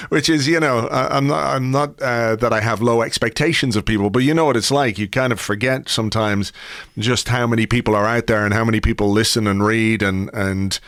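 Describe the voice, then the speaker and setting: A man's voice: mid-range voice, a bit bright, no echo. Chatty man hosting a podcast, dry sound. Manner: chatty, rambling with many fillers and restarts. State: slightly hungover. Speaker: podcast host. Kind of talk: casual chat.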